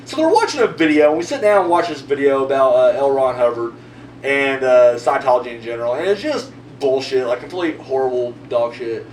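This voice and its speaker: A man hosting his own video channel, telling a long story in a rambling, profane, animated way. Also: medium pitch, brisk, distant mic. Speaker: video host answering viewer comments. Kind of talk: casual storytelling monologue. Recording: roomy echo, mic set back, faint hum.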